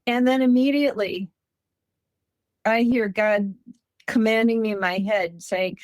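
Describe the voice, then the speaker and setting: A woman from Minnesota earnestly recounting a personal encounter in casual storytelling, animated and laughing often. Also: fairly high pitch, unhurried, no room sound. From Minnesota, USA.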